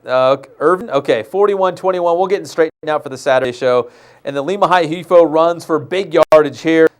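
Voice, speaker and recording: A man with a slightly higher-pitched voice hosts a live high school football show from a studio. He talks loosely over the highlights, joking with the crew and fumbling the odd name. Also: a little fast. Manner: loose and chatty, jokes with crew, stumbles on names.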